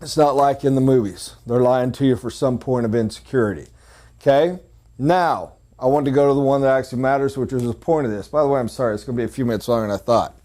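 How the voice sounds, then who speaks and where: A man leads a sales training session in a mellow, warm voice of ordinary pitch. He is blunt and joking and stresses his points. He turns to the room often with quick asides. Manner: talks straight to the audience with quick asides.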